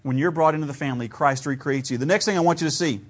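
Very fast and slightly high-pitched, this Ohio pastor in his thirties delivers a sermon like he's telling stories to friends. He varies his emphasis and chuckles at his own anecdotes.

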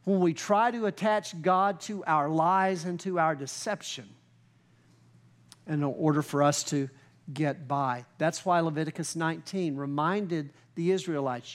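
A man with a high, light voice preaching to his congregation. He slows down to read scripture and grows louder and higher when he presses his point. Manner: earnest preaching, rises in pitch and volume when fired up, slows down for scripture. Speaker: pastor. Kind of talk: sermon.

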